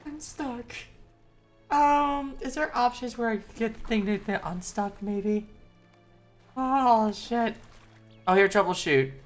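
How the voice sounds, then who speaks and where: A woman's voice: fairly high pitch, slow pace, pauses often, faint music behind. A woman streamer giving casual commentary while playing a game, laughing often and swearing when surprised.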